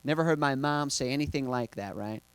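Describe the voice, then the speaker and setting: A man doing a stand-up comedy set on a club stage, deadpan setups building to shouted punchlines. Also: medium pitch, brisk, smooth, no room sound.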